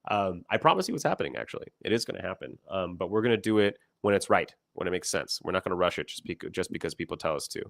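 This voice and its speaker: Deep-voiced young man rambling on a livestream. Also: animated, fast talker, gravelly, few pauses, a bit bright, dry recording, studio quality. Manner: rambling, many fillers and restarts, laughs often. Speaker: company founder hosting a livestream. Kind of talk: casual livestream talk.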